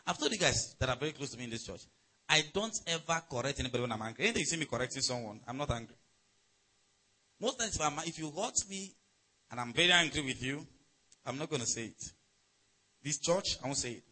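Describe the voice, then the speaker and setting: A middle-aged man preaching a sermon as pastor, emphatic, swinging between loud and soft and checking in with the congregation. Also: mid-range voice, sing-song, quick pace, pauses often, breathy edge, rough recording.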